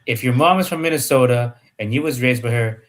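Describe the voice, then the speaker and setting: A man's voice: mid-range voice, a little fast. Man telling a story on a podcast. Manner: storytelling, acts out dialogue. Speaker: podcast co-host. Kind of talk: casual chat.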